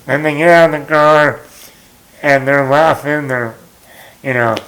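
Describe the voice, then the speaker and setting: A man's voice: a little high, steady tone, unhurried, a bit bright, rough recording. A man hosting a movie talk show, rambling casually as he retells scenes and quotes lines with chuckles.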